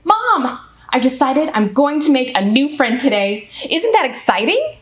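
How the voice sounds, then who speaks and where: Woman putting on an eager little storybook girl, bubbly, high and lilting, echoey room, faint music. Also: unhurried. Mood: excited. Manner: bouncy, excited. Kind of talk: storybook character voice.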